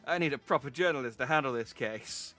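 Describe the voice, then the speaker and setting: A man voicing a cocky male journalist rival with a put-on Boston accent, swaggering and mocking, a little higher and louder than his own voice. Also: brisk, soft background music, close to an everyday voice. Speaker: streamer reading game dialogue.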